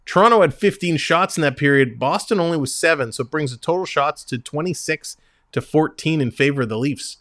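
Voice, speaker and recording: A man's voice: fairly high pitch, brisk, a bit bright, dry recording, clean studio sound. A man hosting a live hockey stream, reading stats and chatting with guests in an upbeat, joking way. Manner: upbeat play-by-play, reads stats, jokes. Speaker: stream host.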